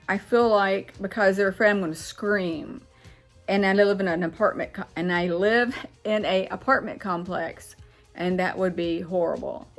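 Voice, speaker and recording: A woman vlogging in casual chat to camera, excitable and chatty, getting loud when she is excited. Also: mid-range voice.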